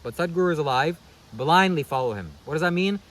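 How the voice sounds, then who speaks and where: A man's voice: on the high side, lively intonation, fast talker, a bit bright, rough recording. Sarcastic preachy man ranting to camera. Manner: sarcastic, preachy, keeps saying "buddy" and "okay?". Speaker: vlogger. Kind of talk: casual commentary monologue.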